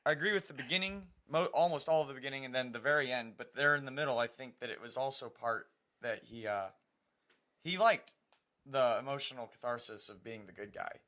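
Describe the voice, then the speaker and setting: Brief: male podcaster, bright mid voice, argumentative and casual. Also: mid-range voice, a little fast. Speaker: podcast co-host. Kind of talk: casual chat.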